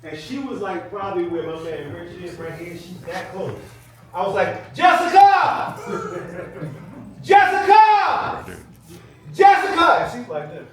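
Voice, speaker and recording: A middle-aged man giving a playful, animated storytelling speech to a live audience, laughing often and acting out shouted quotes. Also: high-pitched, normal speed. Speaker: speaker at an event. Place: event hall with a live audience. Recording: echoey room from far off, noisy.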